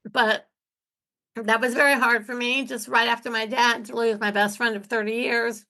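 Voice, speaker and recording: A woman's voice: on the high side, flat delivery, brisk, sharp tone. A woman hosting her own real estate investing podcast from home, talking in a candid, chatty and enthusiastic way. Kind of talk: casual solo podcast talk.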